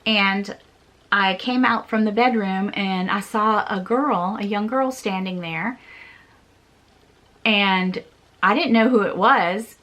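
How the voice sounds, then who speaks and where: A woman's voice: medium pitch, slow pace, long pauses, fairly bright tone. Earnest woman vlogger telling a story. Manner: earnest, repetitive storytelling with small laughs. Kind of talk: personal storytelling.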